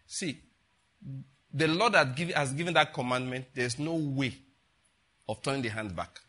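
A man's voice: medium pitch, normal speed, pauses often, sharp tone. An older man, preaching a sermon in a chatty way, full of rhetorical questions and asides. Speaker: pastor.

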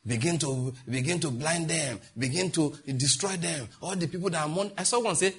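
A middle-aged man from Africa preaching a sermon as a pastor, emphatic and mocking, with sudden loud outbursts. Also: on the high side, fairly quick, slightly rough.

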